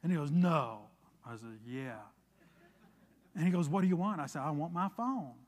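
Male pastor, high-pitched, preaching with emphasis and telling stories with quoted back-and-forth, church hall reverb. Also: moderate pace. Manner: preaching with rising emphasis, then relaxed storytelling with quoted dialogue. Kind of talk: sermon with a personal story.

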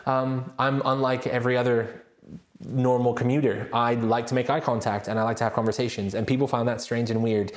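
Pastor preaching in a roomy hall. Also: male voice, mid-range voice, fairly quick. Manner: animated, self-deprecating storyteller. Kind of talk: sermon with personal story.

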